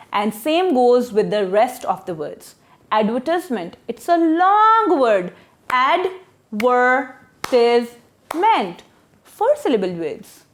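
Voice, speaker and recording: A woman teaching a recorded textbook lesson, explaining step by step and slowly sounding out words syllable by syllable. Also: on the high side.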